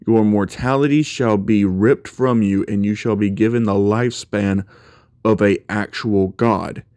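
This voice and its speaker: A man's voice: lowish voice, steady tone, measured pace, a little mellow, clear, resonant tone, dry recording, lightly acted. A man voicing a stern, commanding male king of the gods who scolds bluntly and swears.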